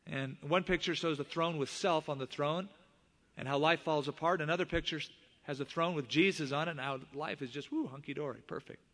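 A middle-aged male pastor preaching a sermon, with animated rises in voice and sudden hushed drops. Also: on the high side, a little fast. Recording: long reverb of a large hall.

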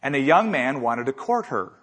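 A man's voice: mid-range voice, very animated, moderate pace, fairly bright tone. A man preaching a sermon as a pastor, emphatic, with rhetorical questions and repeated phrases.

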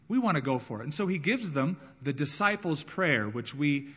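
A man delivers an animated sermon with a slightly high voice, acting out the voices of the people in the story. The sound is dull and muffled, and his voice rings out with a long hall reverb. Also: moderate pace, slightly rough. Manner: dramatic, acting out voices in the scripture. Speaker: pastor.

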